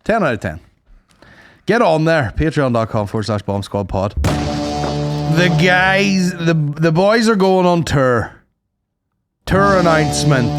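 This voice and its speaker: A man co-hosting a comedy podcast, chatting casually and joking while plugging tour dates. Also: on the high side. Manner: animated, jokey, plugging tour dates with sing-song emphasis. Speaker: podcast co-host.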